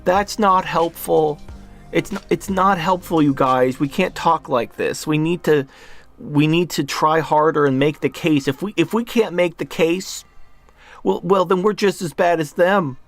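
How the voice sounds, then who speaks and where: A man voicing a timid, preachy political moderate who whines and stammers in a high, pleading voice. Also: unhurried, soft background music. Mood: whiny.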